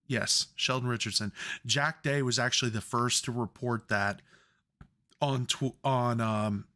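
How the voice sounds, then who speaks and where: A man's voice: medium pitch, fairly even intonation, a little slow, pushed and bright. A man co-hosting a sports podcast, chatting casually, rambling and swearing freely when worked up. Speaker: podcast co-host.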